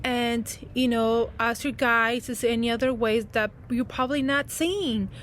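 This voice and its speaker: A woman's voice: a little high, steady tone, unhurried, a bit bright, slight background noise. A woman talking outdoors as a spiritual coach in a casual, heartfelt vlog, rambling and comforting with many fillers.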